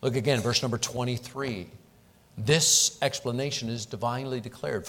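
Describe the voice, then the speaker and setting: A middle-aged man, a pastor, leading a prayer and then preaching with earnest, emphatic delivery and deliberate pauses. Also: mid-range voice, steady tone, a bit bright. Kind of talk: prayer and sermon. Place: church sanctuary. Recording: long reverb of a church hall.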